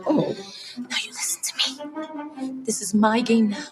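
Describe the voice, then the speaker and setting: An actress playing a sharp young bride who stands up to her scheming mother-in-law, in a film clip. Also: fairly high pitch, fairly even intonation, normal speed, over music, natural voice. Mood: defiant. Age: 30s. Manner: defiant, cutting. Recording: film clip under loud score.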